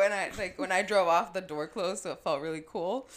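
A woman co-hosting a casual chat, telling a profane, animated story about her past work. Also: mid-range voice, fairly quick. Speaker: podcast co-host.

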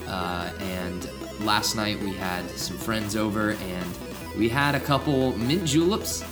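A man's voice: on the low side, slow, over music. A young man hosting a casual podcast, chatty and laid-back, rambling a little. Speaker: podcast host.

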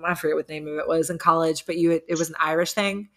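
A woman's voice: low voice, fairly even intonation, quick pace, gravelly, a bit bright. A woman co-hosting a podcast in casual chat, laughing often and poking fun at herself. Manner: laughs often, self-deprecating, restarts. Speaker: podcast co-host.

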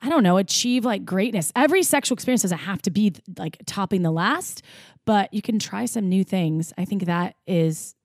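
A young woman from the US Midwest co-hosts a casual podcast and tells stories in an animated, chatty way. Her voice sits at a middle pitch. The close-mic recording is dry, with no room sound. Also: moderate pace, no room sound. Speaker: podcast co-host. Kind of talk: casual chat.

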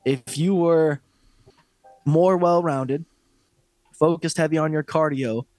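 A man's voice: fairly high pitch, steady tone, slow pace, a little mellow, dry recording, faint music behind. Blunt, foul-mouthed male fight podcaster. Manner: blunt, profane and opinionated. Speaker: podcast co-host. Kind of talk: casual sports chat.

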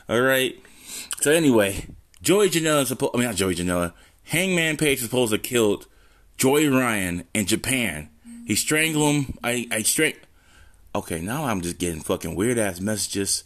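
A man talks on his own into his phone at home, swearing freely and wandering off topic before pulling himself back. His voice sits at a middling pitch. The delivery feels loose and unscripted, like a casual podcast ramble. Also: big pitch swings, brisk, a bit bright. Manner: profane, rambling, self-interrupting. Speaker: podcast host. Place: room at home.

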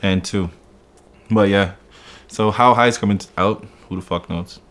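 A man's voice: lowish voice, a little slow, fairly bright tone. A young man co-hosting a casual livestream podcast, loose and profane, reading viewer comments aloud. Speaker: podcast co-host.

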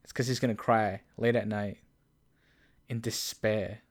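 A man's voice: lowish voice, fairly even intonation, a little fast. Casual young-sounding man bantering on a podcast. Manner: teasing, laughs often, trails off mid-sentence. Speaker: podcast co-host.

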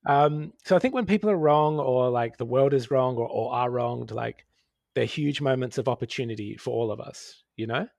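Male podcast guest, gravelly and dry-recorded, reflective rambling talker. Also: medium pitch, moderate pace, a little mellow, no echo. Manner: reflective, rambling with many fillers. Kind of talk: casual chat.

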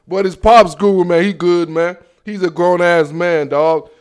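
Brash high-voiced football show host. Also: male voice, unhurried, clear, resonant tone. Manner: boastful, slangy, animated storytelling. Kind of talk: casual solo sports talk.

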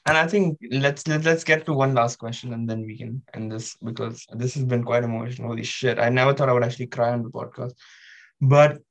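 A young man hosts a podcast in a casual chat. He speaks haltingly, stopping and restarting his sentences, at a middle pitch. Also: fairly even intonation. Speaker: podcast host.

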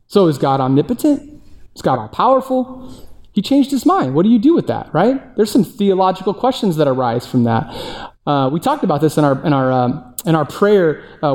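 A man's voice: a little high, dark tone. A man preaching a sermon, reading scripture aloud and asking the congregation rhetorical questions, often adding "right?". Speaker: pastor.

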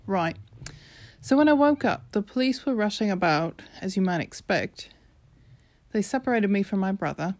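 A woman's voice: mid-range voice, expressive, moderate pace, darkish tone, natural voice. A woman with a British accent voicing a brash, sarcastic teenage girl narrating her own story, chatty and sarcastic. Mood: cheeky.

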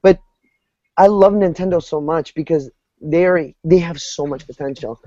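A man with a somewhat high but mellow voice chats in an easygoing way on a gaming podcast. His sound is dry and dull, as if through a lo-fi mic. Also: moderate pace, no room sound. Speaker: podcast co-host. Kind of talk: casual gaming podcast chat.

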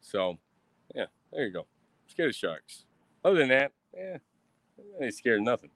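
A man's voice: mid-range voice, big pitch swings, moderate pace, fairly bright tone, dry recording. A young man, ranting on a livestream in a boastful, profane, swaggering way. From Texas. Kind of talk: casual rambling livestream rant. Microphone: streaming mic.

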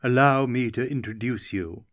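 A man voicing a smug, scheming court wizard who speaks in a smooth, insinuating way. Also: mid-range voice, close to an everyday voice. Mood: sly smug. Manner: smooth, sly, deliberate.

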